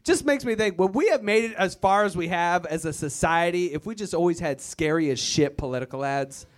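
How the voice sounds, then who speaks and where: A man's voice: high voice, a little fast. A man from Virginia doing a stand-up comedy set, rambling and laughing at his own lines. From Virginia, USA.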